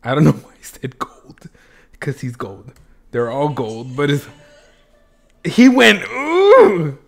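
A man making a reaction video at home, talking straight to his viewers and breaking into loud exclamations and cheers. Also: medium pitch, steady tone, unhurried. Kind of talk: excited reaction commentary. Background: faint music playing.

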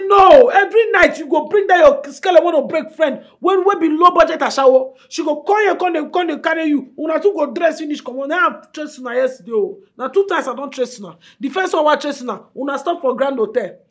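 Fiery, high-voiced younger sister. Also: female voice. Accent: Nigerian. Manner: scolding in Nigerian Pidgin, loud and emotional. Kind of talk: film drama acting.

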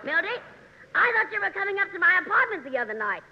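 A woman's voice: very high-pitched, big pitch swings, fast talker, exaggerated voice. A brassy, man-chasing dowager. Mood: bawdy. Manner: bawdy, drawling, laughing at own jokes. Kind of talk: 1940s radio comedy acting. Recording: noisy, dull 1940s radio transfer.

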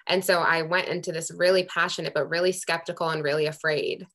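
A woman's voice: sits low, steady tone, brisk, a bit bright. A young woman from Amherst, Massachusetts, co-chair of a working group, giving earnest, emotional remarks at a public meeting with many restarts.

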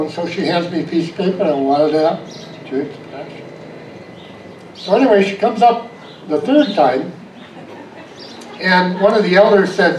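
A man's voice: sits high, normal speed, long pauses, slight background noise. Man preaching in an echoey church. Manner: animated storytelling, quieting to a soft reflective tone. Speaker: pastor. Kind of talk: storytelling sermon. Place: church sanctuary. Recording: echoey church room, voice from far off.

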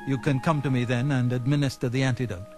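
A man's voice: mid-range voice, fairly even intonation, quick pace, darkish tone, faint music behind, lightly acted. An actor playing a nervous, fussy male nobleman in a video game, flustered and apologetic, with an overdone foreign lilt.

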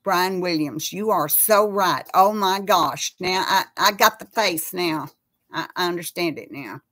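A woman's voice: fairly low pitch, measured pace, fairly bright tone. A woman hosting a casual live chat, talking with viewers and reading out their names. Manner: chatty, reads out viewer names.

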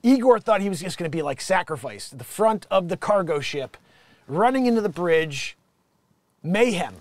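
A man hosting a comedy news show, riffing and rambling with jokey asides between loud bursts and mutters. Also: high voice, big pitch swings, normal speed, no room sound.

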